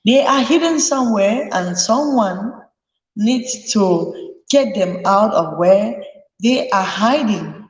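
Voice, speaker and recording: This woman speaks slowly and expressively in a mid-range voice as she leads a live parenting discussion for an audience, offering earnest advice and going back over her key points. The sound is lo-fi, with the long reverb of an echoey room.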